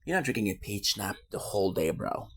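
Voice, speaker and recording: A man's voice: on the low side, very animated, fairly quick, a bit bright, slight background noise. A man from Quebec, Canada, in a casual streamer monologue, rambling on goofy side tangents with swearing and jokes.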